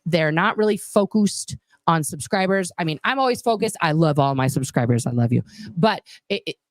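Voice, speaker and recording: A woman's voice: low voice, expressive, normal speed, no room sound. Forties woman hosting a livestream, casual and chatty, dry close mic. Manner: chatty, reads viewer comments aloud, swears casually. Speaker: host. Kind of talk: casual livestream chat reading comments.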